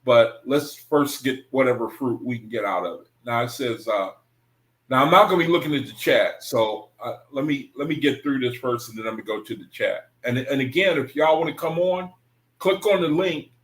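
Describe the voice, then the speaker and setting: A man hosting an online scripture study livestream, reading passages aloud slowly, rereading lines and chatting informally with viewers. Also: mid-range voice, low-quality recording. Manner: relaxed, informal talk with the audience. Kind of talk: casual livestream reading and commentary.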